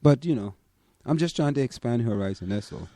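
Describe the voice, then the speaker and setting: Man from the caribbean chatting, keeps restarting words, mellow tone. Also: mid-range voice, lively intonation, fairly quick, dry recording, studio quality. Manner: stammering restarts, emphatic. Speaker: podcast co-host. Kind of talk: casual chat.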